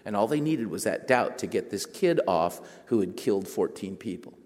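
A man, an author, telling an animated, self-mocking story to a live audience and acting out the other voices, recorded in an echoey hall. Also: fairly low pitch, moderate pace. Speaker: author giving a talk.

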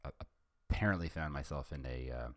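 A man's voice: a bass voice, a little fast, dry recording, clean studio sound. A man hosting a podcast, reading fan fiction aloud and chatting hesitantly, with many ums and self-corrections. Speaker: podcast host.

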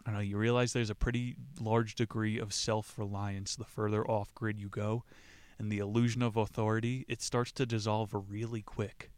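A man's voice: fairly low pitch, flat delivery, normal speed, a little mellow, smooth, no room sound. Irreverent, rambling male podcast host. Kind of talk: casual book discussion podcast.

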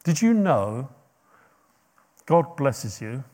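A man's voice: mid-range voice, very animated, extremely slow, a little mellow. A man preaching, retelling a story dramatically with chatty asides. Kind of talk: sermon storytelling.

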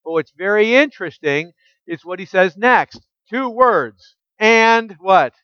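A man preaching a sermon as pastor, emphatic and full of rhetorical questions, dropping soft and low when quoting scripture. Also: animated, slow pace, no echo, highs cut off.

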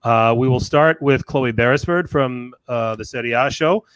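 A man's voice: mid-range voice, normal speed, fairly bright tone, smooth, dry recording. A man hosts a casual podcast, reading out nominated tweets. His delivery is loose, with restarts and laughs. The sound is dry and close, with no room around it. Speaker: podcast host. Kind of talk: casual chat.

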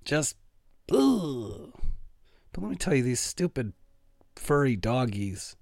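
A man's voice: mid-range voice, lively intonation, moderate pace, gravelly, a little mellow, no room sound, studio quality. A man hosting his own comedic podcast, rambling and self-mocking with a sarcastic edge. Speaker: podcast host. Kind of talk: solo comedic podcast monologue.

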